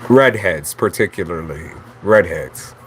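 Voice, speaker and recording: Blunt, laughing lower-voiced man. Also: animated, unhurried, soft background music. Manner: blunt, chatty, swears freely, laughs often. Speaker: tarot reader. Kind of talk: casual livestream monologue.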